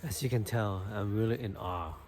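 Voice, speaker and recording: A man's voice: lowish voice, normal speed, darkish tone, slight background noise. A man vlogging on a hillside trail near a waterfall, awestruck and often exclaiming over the view. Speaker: nature vlogger. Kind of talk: casual narration while walking outdoors.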